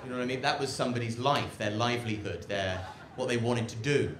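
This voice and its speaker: Loud laughter from the crowd fills the noisy background as this man does stand-up on an echoey outdoor rooftop. He talks quickly in a mid-range voice, delivering dry, ironic material peppered with fillers and pauses.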